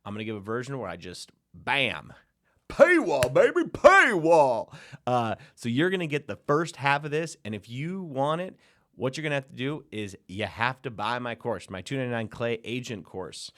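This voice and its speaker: A man's voice: medium pitch, expressive, brisk, fairly bright tone, no room sound, studio quality. A man teaching a casual screen-share tutorial on building AI agents, chatty and hyped, with sudden playful outbursts, recorded on a desk mic in a small room.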